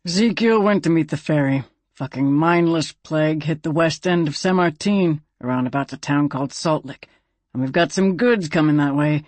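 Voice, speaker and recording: A gruff, cold possum storekeeper, as a narrator puts him on for a storybook, talking in a blunt backwoods drawl. His voice sits a touch higher than the reading voice, and the recording is close and dry. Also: moderate pace, no echo, lightly acted. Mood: offhand.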